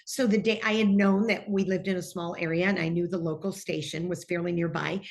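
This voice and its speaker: A woman's voice: lowish voice, steady tone, a little fast. A middle-aged woman, a TV personality, telling her own story earnestly in an interview and speaking openly of her faith. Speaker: TV personality and guest.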